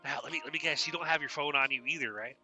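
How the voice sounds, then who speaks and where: A man voicing a young woman who keeps calming her scared friend, speaking soothingly and repeating herself. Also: on the high side, very fast, faint music behind.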